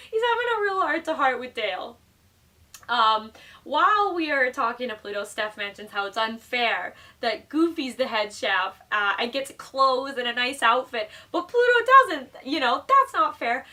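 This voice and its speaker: A woman telling a story in a casual vlog, chatty and animated, laughing often and saying "like" a lot. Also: high voice, measured pace, far from the mic.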